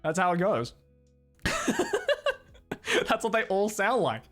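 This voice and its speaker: A young Australian man chats casually with his stream from a studio. His voice sits fairly high and swoops around expressively. He swears freely and breaks into laughter often, over faint background music. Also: wildly swooping pitch, drawn-out words, a bit bright. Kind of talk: casual chat. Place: studio, indoors.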